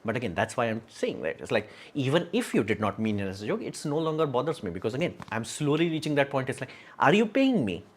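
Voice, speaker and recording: A man's voice: mid-range voice, big pitch swings, fast talker, slight background noise. A man hosting a casual livestream, talking frankly and rambling, with many fillers and frequent laughs. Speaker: livestream host.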